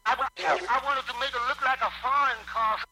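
A flustered radio comedy man who keeps stammering and repeating himself. His voice sits very high. It has the manner of 1930s radio comedy acting. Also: steady tone, moderate pace, heavy background noise.

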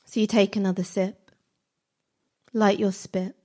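Slow, flat-voiced woman reciting poetry. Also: mid-range voice. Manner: slow, measured, fragmented phrasing. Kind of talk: spoken word poetry recitation.

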